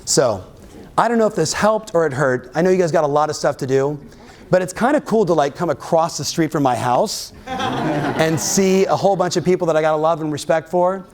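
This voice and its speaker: A man giving an energetic motivational keynote to a live audience, often firing questions at the crowd. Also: a little high, a little fast, a little hiss or hum. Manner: energetic, keeps quizzing the audience. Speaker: real estate coach and keynote speaker. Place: live event in front of an audience.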